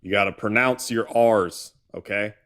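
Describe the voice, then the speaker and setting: A man's voice: fairly low pitch, normal speed, fairly bright tone. A man co-hosting a live political stream, lecturing in a sardonic way. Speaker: co-host. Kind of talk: casual live call-in chat.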